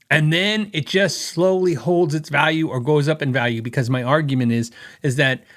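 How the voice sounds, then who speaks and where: A middle-aged man hosting a podcast, giving his opinions in a rambling, casual way and thinking aloud with fillers. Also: medium pitch. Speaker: podcast host.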